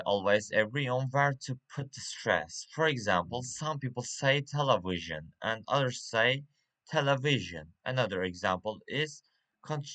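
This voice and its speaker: Man, teacher, slow delivery, bright tone, lots of uhs and restarts. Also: medium pitch. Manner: halting, with many uhs and restarts. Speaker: English teacher. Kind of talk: reading a pronunciation lesson.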